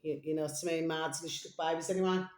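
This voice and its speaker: A woman's voice: low voice, steady tone, fast talker, darkish tone, roomy sound. A woman chatting in a rambling, casual monologue, calling her listeners her little babies. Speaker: vlogger.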